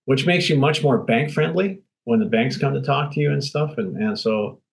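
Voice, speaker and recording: A man's voice: medium pitch, moderate pace, vocal fry, poor audio. A man speaking bluntly and emphatically as an interview guest, acting out little quoted exchanges. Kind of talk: candid interview talk.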